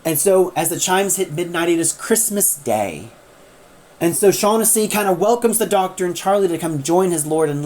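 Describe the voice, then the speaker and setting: A woman's voice: fairly low pitch, a little mellow. A woman casually retelling a drama's plot, rambling with many fillers. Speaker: audio drama recapper.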